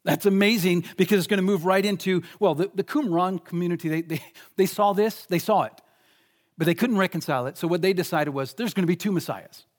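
A man preaching a sermon with enthusiasm, swinging between loud exclamations and hushed whispers. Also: high-pitched, a little fast. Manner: enthusiastic, exclaiming over points.

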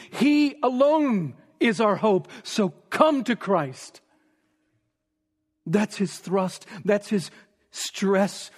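A man preaching a sermon, emphatic and repetitive, sometimes dropping to a hush for stress. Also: high-pitched. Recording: long reverb of a large hall.

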